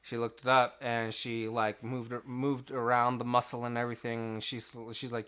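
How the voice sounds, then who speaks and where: A man's voice: medium pitch, level tone, moderate pace, a bit bright, clean tone. A man co-hosting a casual podcast chat, talking close to the mic in a rambling, hesitant way with many restarts. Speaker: podcast co-host.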